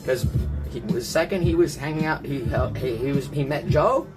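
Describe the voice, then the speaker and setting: Male streamer, slightly high voice, meandering profane rants, loud music bed. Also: moderate pace. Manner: rambling, profane, animated storytelling. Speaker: livestreamer. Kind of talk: casual livestream chat. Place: apartment. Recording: loud music playing under the voice.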